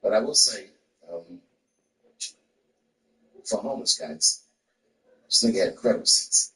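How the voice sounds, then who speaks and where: A man's voice: on the low side, expressive, a little slow, pushed and bright, a little hiss or hum. A man doing a profane stand-up routine on stage, telling a story. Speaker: stand-up comedian. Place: stage before an audience. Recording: roomy, distant stage recording.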